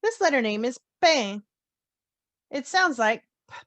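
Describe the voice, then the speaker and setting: Woman phonics teacher, higher voice, very slow and careful delivery, dry sound. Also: lively intonation, fairly bright tone, dry recording. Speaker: language teacher. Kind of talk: slow children's phonics lesson.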